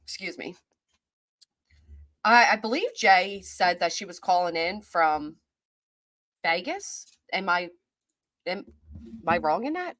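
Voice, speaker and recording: A woman's voice: fairly low pitch, animated, slow pace, pauses often, fairly bright tone, no echo. Casting note: woman host with a Kentucky accent, casual livestream chatter, greets chat by name, close dry sound. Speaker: host of a live-stream chat show. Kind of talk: casual live-stream commentary.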